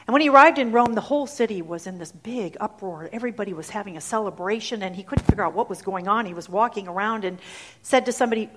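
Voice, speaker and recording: A woman preacher telling a story in her sermon, in an animated, dramatic manner. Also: medium pitch, quick pace, heavy background noise. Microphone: handheld or clip mic.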